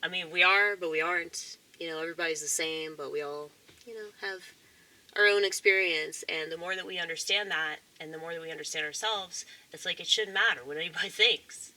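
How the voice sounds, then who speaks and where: A woman's voice: lowish voice, steady tone, a little fast, bright, forceful tone, poor audio. Rambling woman with a Southern twang. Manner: meandering, profane, frequent fillers and short laughs. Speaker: vlogger. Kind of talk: rambling casual monologue.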